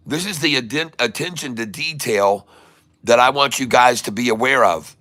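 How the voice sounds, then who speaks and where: Hosting a live day-trading stream, a middle-aged man delivers excited running commentary and calls out to his viewers as "folks." His mid-range voice keeps a moderate pace, captured in clean studio sound with no echo.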